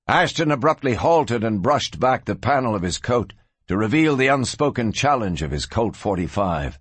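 A man reading a western story aloud in a dramatic, expressive narration. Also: lowish voice, unhurried, husky, no room sound. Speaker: audiobook narrator.

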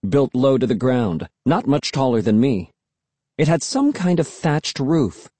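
Husky man reading a suspense story. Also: mid-range voice, dry recording. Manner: expressive, hushed for suspense, raised for shouts. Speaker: audiobook narrator. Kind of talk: scripted first-person story reading.

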